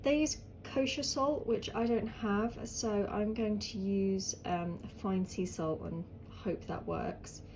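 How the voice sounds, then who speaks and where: Hoarse British woman chatting through a bake. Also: medium pitch, takes it slowly, few pauses, a little mellow, slight background noise. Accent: British English. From England. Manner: chatty and rambling, lots of ums. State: hoarse from hay fever. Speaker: home baker vlogger. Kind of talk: casual baking vlog chat.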